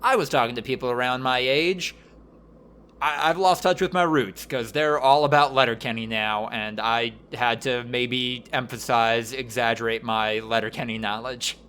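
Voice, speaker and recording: A man's voice: medium pitch, moderate pace, sharp tone, slight background noise. A man from rural Wisconsin hosting a casual podcast, opening with playful, theatrical introductions. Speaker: podcast host.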